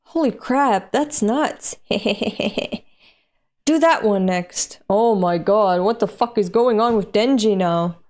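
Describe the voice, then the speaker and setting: A woman's voice: mid-range voice, darkish tone. A young woman from Europe, reading a comic aloud and reacting with laughs, gasps and swearing. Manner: swears freely, laughs, gasps and exclaims at the story. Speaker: manga reader reacting on camera.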